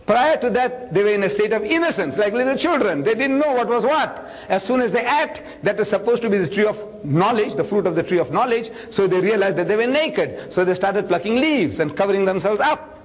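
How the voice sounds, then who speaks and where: An older man and religious lecturer, telling stories to an audience in an animated, humorous way, acting out dialogue and sound effects. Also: high-pitched, fairly quick, big-room sound, rough recording. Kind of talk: storytelling sermon to an audience.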